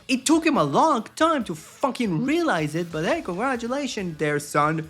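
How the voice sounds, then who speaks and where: A man's voice: high voice, big pitch swings, normal speed, hardly any pauses, a bit bright, husky, soft background music. A man giving a casual video review of a show. He rambles with lots of fillers and swears often, with a wry tone.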